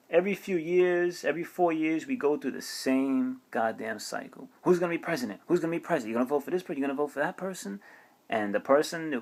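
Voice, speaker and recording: A man's voice: on the high side, gravelly. A man hosting his own video, ranting heatedly and swearing about society and politics, mocking what others say. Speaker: channel host. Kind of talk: spiritual rant to camera.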